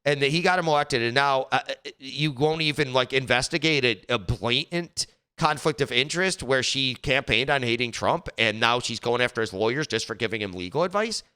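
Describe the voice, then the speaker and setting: A man with a bright, clear, smooth voice delivers casual political commentary. He rambles, trips over his words and restarts sentences often. His manner is earnest and he is not polished. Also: mid-range voice, brisk, few pauses. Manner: rambling, frequent restarts and stumbles.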